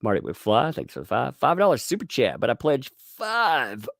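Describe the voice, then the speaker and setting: A man hosting a casual livestream, talking in an animated, rambling way with many restarts while reading viewer donations. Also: medium pitch, normal speed, vocal fry, no room sound, clean studio sound.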